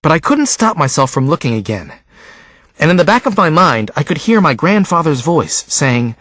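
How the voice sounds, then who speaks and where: A man's voice: big pitch swings, moderate pace, a bit bright, no room sound. A man reading a novel aloud as scripted audiobook narration, acting out the characters' lines. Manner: acts out each character's lines with raised pitch.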